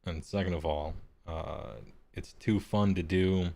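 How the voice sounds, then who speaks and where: A man with a deep voice, the game master chatting casually before a streamed tabletop session, rambling and self-deprecating. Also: steady tone, a little slow, gravelly, darkish tone.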